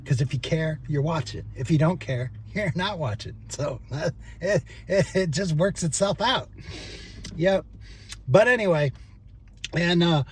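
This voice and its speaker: A man's voice: a little high, a little slow, slightly rough. An older man, a former trial attorney, talking casually to camera in a rambling, profane, chuckling way. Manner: rambling, chatty and profane, with frequent fillers and chuckles.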